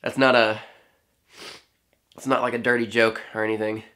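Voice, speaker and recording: A man's voice: on the low side, little pitch movement, normal speed, sharp tone, no echo, clean studio sound. A young man vlogging casually and goofily while recovering from being sick, joking at his own expense. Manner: goofy, playful, self-mocking. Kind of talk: casual vlog.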